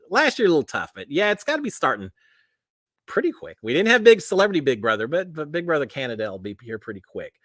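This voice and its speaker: A middle-aged man from the United States chatting on a live stream, rambling from one thought to the next with lots of fillers. His voice is bright and swings up and down a lot. The sound is dry and close. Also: mid-range voice, no echo. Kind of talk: casual chat reading viewer comments.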